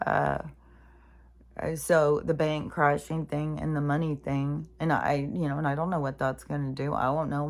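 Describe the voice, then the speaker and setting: Woman, deep voice, casual vlog monologue, rambling, profane, worn out. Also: vocal fry. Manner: rambling, profane, frustrated venting. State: mentally exhausted. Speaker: spiritual vlogger.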